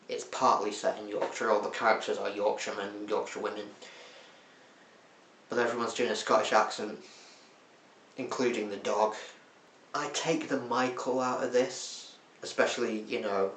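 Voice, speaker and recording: A man's voice: on the low side, flat delivery, a little slow, long pauses, fairly bright tone, a little hiss or hum. A man casually reviewing films with wry, self-mocking asides, recorded in an echoey room. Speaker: film reviewer. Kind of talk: casual monthly film roundup.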